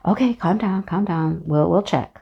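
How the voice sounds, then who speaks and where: A woman voicing a calm, reassuring female maternity nurse who soothes and repeats herself, in a somewhat low voice. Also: moderate pace, gravelly, husky, lo-fi sound. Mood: soothing.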